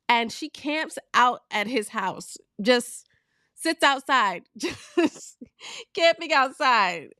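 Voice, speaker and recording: A woman from Virginia hosting her own talk show, telling news stories in a frank, animated way and laughing as she goes. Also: fairly high pitch, clear, resonant tone, dry recording, clean studio sound. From Virginia, USA. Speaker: show host. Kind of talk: casual talk-show commentary.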